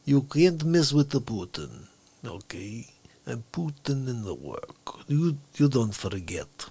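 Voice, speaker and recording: A man's voice: medium pitch, big pitch swings, slow pace, warm tone, breathy edge, no room sound, exaggerated voice. A man putting on a Russian accent to play a boastful, menacing male strongman leader who repeats his catchphrases.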